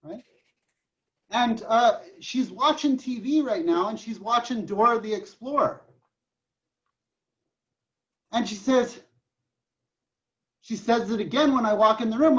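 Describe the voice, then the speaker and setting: A man's voice: very high-pitched, normal speed, fairly bright tone. A man in his forties teaching a math class online, chatty and joking, telling stories between problems. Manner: joking, storytelling, chatty with restarts. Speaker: math professor. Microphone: computer mic on a video call. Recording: dull lo-fi online class audio.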